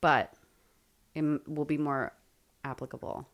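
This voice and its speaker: A woman's voice: sits low, steady tone, measured pace. A woman co-hosting a podcast in casual chat, talking freely, laughing often and swearing casually. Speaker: podcast co-host.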